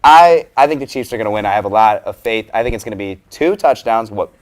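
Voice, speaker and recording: Low-voiced man hyping his football pick. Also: fast talker. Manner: excitable, hyped up. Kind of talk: casual sports chat.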